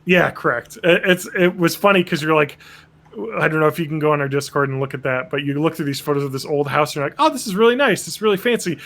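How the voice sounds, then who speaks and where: A man's voice: fairly high pitch, little pitch movement, quick pace, a bit bright. A man casually chatting as a podcast host, rambling with crude jokes and acting out quotes. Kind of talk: casual chat recapping a cartoon episode.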